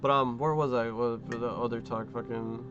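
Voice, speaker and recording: A man's voice: mid-range voice, steady tone, moderate pace, highs cut off, music in the background. A man streaming from home, chatting casually while he glues a model kit, rambling and swearing often with lots of fillers.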